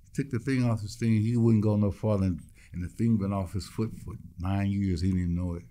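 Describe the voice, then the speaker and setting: A man, appearing as a musician guest in an interview, tells his story bluntly, swearing freely and acting out the voices of the people involved. His voice sits on the low side, warm, with fairly even intonation and a slightly quick pace.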